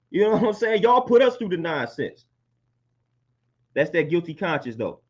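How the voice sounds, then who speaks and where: Preachy man, high voice, lo-fi audio. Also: sing-song, moderate pace, darkish tone, husky. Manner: preachy, repeats phrases for emphasis. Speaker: live stream host. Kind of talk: impassioned monologue to live chat. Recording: dull lo-fi stream audio.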